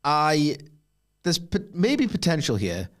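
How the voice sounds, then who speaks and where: A man in casual podcast chat, thinking out loud with a dry, joking edge. His pitch is animated. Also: slow. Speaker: podcast co-host.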